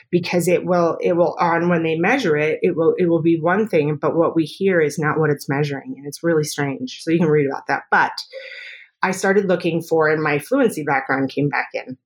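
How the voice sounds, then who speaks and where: A woman speech therapist talks through her work in a relaxed interview. She explains with a lot of rhetorical checks, small restarts and light laughs as she thinks aloud. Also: low-pitched, husky. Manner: explanatory, tags points with "right?". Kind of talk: conversational interview answer.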